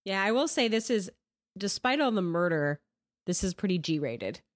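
A woman from Texas co-hosting a podcast, talking in a brisk, wry way. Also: mid-range voice, animated. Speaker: podcast co-host. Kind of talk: casual podcast discussion.

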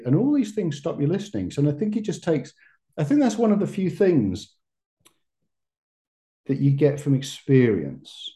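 A man's voice: on the high side, big pitch swings, normal speed, long pauses, warm tone. A man, a massage therapist and educator, talking as a podcast guest in a reflective way, often restarting his phrases and laughing lightly. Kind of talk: conversational podcast interview.

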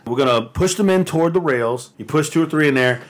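Guy laughing thru a wild story, kinda high voice, cusses a lot. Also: fast talker. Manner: animated, laughing often, cursing. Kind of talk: casual storytelling.

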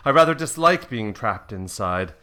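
A man's voice: lowish voice, expressive, moderate pace, sharp tone. A man voicing a proud female superheroine who commands the weather, in a grand, declaiming way. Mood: grandiose.

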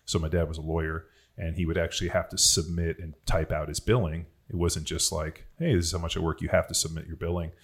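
A podcast host with a low, slightly rough voice speaks quickly and with fairly even intonation. In casual chat he rambles through personal stories, swearing freely and filling gaps with "like" and "you know."

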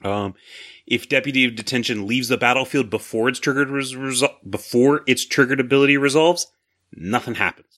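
A man's voice: medium pitch, fairly quick, fairly bright tone. A man co-hosting a casual podcast, explaining card rules in a rambling, self-correcting way with frequent chuckles. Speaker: podcast co-host.

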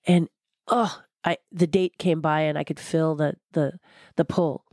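Blunt, passionate older woman, low voice. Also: unhurried, dry recording, studio quality. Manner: passionate, blunt, animated storyteller. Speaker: guest, former theme park designer. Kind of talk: candid interview conversation.

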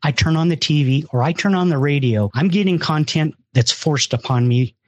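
A man's voice: a little high, normal speed, a little mellow, dry recording. A man hosting a live podcast event, talking emphatically and repeating words as he urges listeners. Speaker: event organizer and host. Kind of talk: enthusiastic live show talk.

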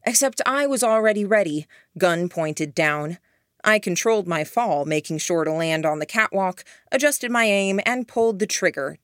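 A woman reads an audiobook in the first person, with a lowish voice and a measured, even delivery. The sound is dry and close. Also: no echo. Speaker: audiobook narrator.

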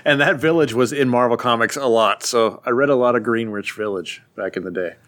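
A man's voice: medium pitch, fairly quick, a bit bright. A man co-hosting a casual podcast, offering hedged, hesitant opinions. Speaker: podcast co-host. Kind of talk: casual chat.

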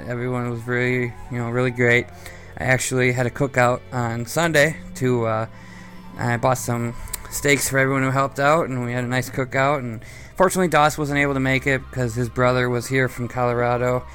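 A man's voice: medium pitch, fairly even intonation, fairly quick, fairly bright tone, faint music behind. Rambling man telling a long story. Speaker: podcast co-host. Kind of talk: casual podcast chat.

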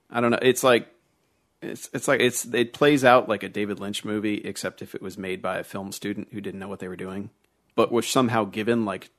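A man's voice: lowish voice, a bit bright. A man co-hosting a casual film review chat, ranting bluntly and swearing freely. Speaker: podcast co-host.

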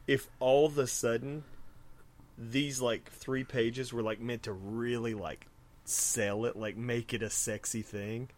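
A man's voice: medium pitch, fairly even intonation, slow pace. A man co-hosting a comic book podcast, chatty and laughing often in casual talk. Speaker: podcast co-host.

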